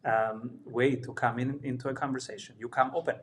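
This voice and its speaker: A man's voice: medium pitch, steady tone, fairly quick, slight background noise. A man from Italy hosting a podcast interview, talking with enthusiastic, emphatic repetition. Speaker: podcast host. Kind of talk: casual interview chat.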